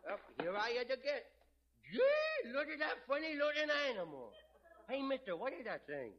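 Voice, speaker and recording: A cheeky little boy, very high voice, old radio comedy, lo-fi recording. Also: huge pitch swings, moderate pace, exaggerated voice. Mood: sly. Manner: impish, ungrammatical kid talk.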